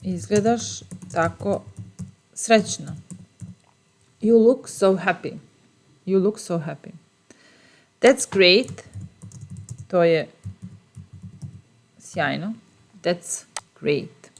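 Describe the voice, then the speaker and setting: A woman with a Serbian accent teaching short English phrases, repeating each one slowly and explaining patiently. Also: fairly low pitch. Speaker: language teacher. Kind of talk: bilingual phrase lesson.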